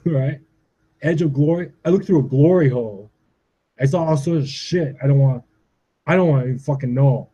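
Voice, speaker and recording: A man's voice: mid-range voice, normal speed, long pauses, mellow, slightly rough, highs cut off. A man in his forties from Canada, delivering a profane, agitated rant and ending his points with "all right?". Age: 40s. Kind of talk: ranting monologue.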